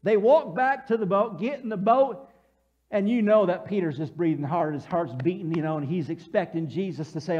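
A man's voice: high-pitched, moderate pace, a little mellow. A man preaching a sermon as pastor, telling scenes vividly and acting out voices, leading the congregation to repeat lines back. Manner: leads congregation call-and-response. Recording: dull lo-fi church broadcast audio.

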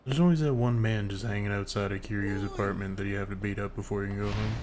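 A man's voice: on the low side, animated, a little fast, heavy background noise. A young man giving crude, joking commentary while playing a video game. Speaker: let's play commentator. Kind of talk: comedic gameplay commentary. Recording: game music behind voice. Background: game music.

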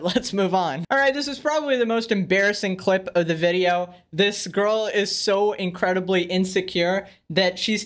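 A man hosting a casual reaction video, talking in a sarcastic, rambling way and often trailing off with "okay?". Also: high-pitched.

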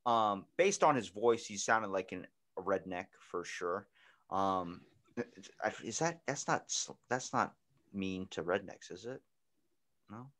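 A man hosting a podcast in casual chat, telling stories with lively acted-out voices and plenty of swearing. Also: on the low side, a little slow. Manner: animated storyteller acting out voices, swears freely. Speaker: podcast host.

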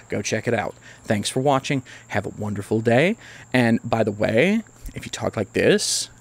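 A man in a mid-range voice delivers an opinion piece for his own video channel. His delivery is emphatic and lecturing. He hammers each point home bluntly. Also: mid-range voice. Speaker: YouTube channel host. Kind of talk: opinion commentary vlog.

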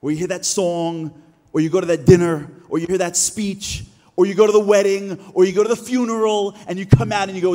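A man gives a motivational keynote from a stage, talking in a high, animated voice that climbs as he acts out the thoughts of an inspired listener. His voice rings out with the long reverb of a large hall. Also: fast. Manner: animated, acts out imagined thoughts with rising pitch. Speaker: keynote speaker.

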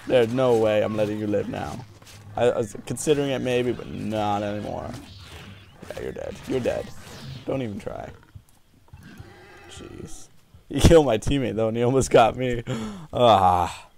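Excitable man narrating a video game. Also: fairly low pitch, unhurried, vocal fry, long pauses, a little hiss or hum. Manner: excitable, jokey, rambling, with sudden whoops and yells. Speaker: gaming video host. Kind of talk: let's play commentary.

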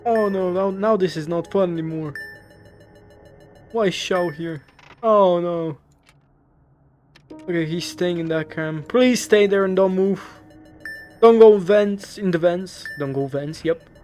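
A young man who is not a native English speaker, playing a horror game and reacting out loud, easily startled and talking to the characters on screen. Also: high-pitched, takes it slowly, pauses often, soft background music. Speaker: gaming YouTuber.

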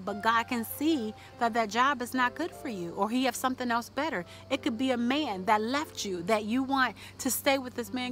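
A woman's voice: fairly high pitch, moderate pace, hardly any pauses, a bit bright, soft background music. A woman vlogging casually about her faith, chatty and encouraging, with many fillers.

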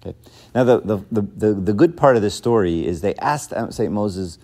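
Guy giving a church talk, low warm voice, chatty, keeps saying right?. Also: expressive, brisk. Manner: conversational, joking, keeps asking "right?". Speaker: church teacher. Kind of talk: informal sermon lesson.

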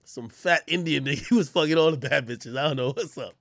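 A man streaming live, telling crude stories in loud, laughing casual chat with sudden yelps. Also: fairly high pitch, quick pace, vocal fry, dry recording, studio quality.

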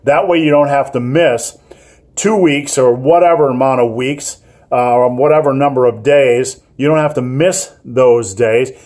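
A man's voice: medium pitch, measured pace, a little mellow. A man hosting a fitness vlog, giving gym advice in a joking, rambling, self-mocking way. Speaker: fitness channel host.

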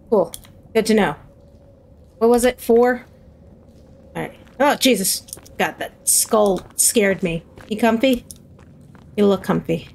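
A woman giving let's play commentary on a horror game, excitable and yelling mock exorcisms at the monsters. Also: mid-range voice, creaky. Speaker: gaming commentator.

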